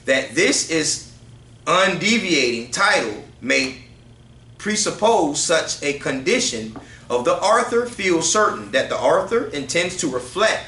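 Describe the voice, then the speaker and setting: A man's voice: on the high side, sing-song, unhurried, sharp tone, roomy sound. A man leading a religious group study, reading passages aloud and explaining them in a loose, conversational way, often checking in with "right?".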